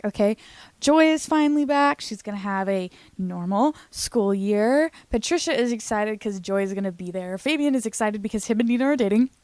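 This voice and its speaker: A young woman casually recapping a TV series in a chatty, animated way, swearing now and then. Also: on the high side, no echo. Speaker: recap vlogger.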